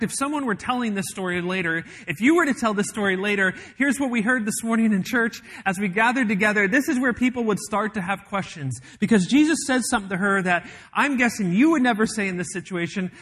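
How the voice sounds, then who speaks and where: A man preaching a sermon as pastor, telling a story with emphatic build-ups and dramatic pauses. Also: sits high, a bit bright.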